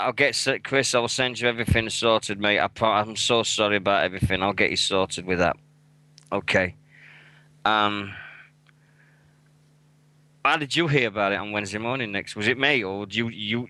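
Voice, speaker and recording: British man, forties, sweary, blunt, emotional, bright voice, dry sound. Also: on the low side, normal speed, long pauses, no room sound, low-quality recording. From England. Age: 40s. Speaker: radio co-host. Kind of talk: casual podcast chat.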